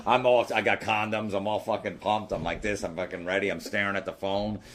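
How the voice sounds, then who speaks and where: A man telling a self-mocking story in casual chat, rapid and full of swearing. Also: lowish voice, steady tone, heavy background noise.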